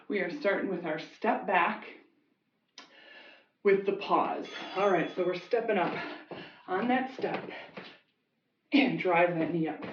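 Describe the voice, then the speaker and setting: A woman's voice: on the low side, a little hiss or hum. A woman fitness instructor leading a workout class, encouraging and giving short commands. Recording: dull roomy sound, mic at a distance.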